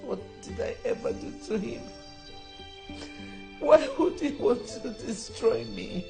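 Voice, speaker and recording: A woman's voice: lively intonation, takes it slowly, gravelly, full character voice. An actress playing a grieving mother who pleads and weeps. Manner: weeping, pleading, swings high and low. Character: grieving middle-aged mother, weeping, desperate. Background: background music.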